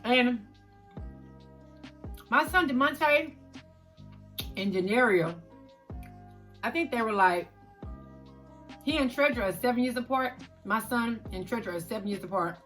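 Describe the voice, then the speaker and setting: A middle-aged woman tells a personal story to her vlog viewers. Her voice is bright and clear, and she talks to them directly and with feeling. Soft music plays faintly behind her. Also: fairly high pitch, measured pace, long pauses. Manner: expressive, talks straight to viewers as "y'all". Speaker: vlog host.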